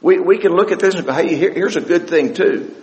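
A man preaching a sermon as pastor of a church, animated and repeating words, slowing down to stress a point. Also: high voice, long reverb tail, poor audio.

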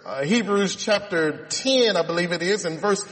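A man's voice: high voice, lively intonation, normal speed, a bit bright, big-room sound, poor audio. A man preaching a sermon, reading scripture aloud and explaining it, calling his listeners friends.

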